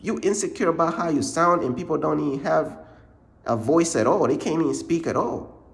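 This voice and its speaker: Brief: man, higher-pitched, informal faith pep talk, slangy and repetitive, keeps hammering the point home. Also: fairly quick, gravelly. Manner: repetitive, informal slang, says "bruh" a lot; emphatic, circles back to points. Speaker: ministry channel host. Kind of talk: casual motivational faith talk.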